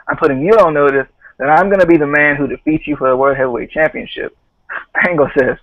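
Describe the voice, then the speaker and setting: A man's voice: a little high, no room sound, poor audio. A man hosting a podcast, casually retelling a show and laughing often as he quotes people. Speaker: podcast host.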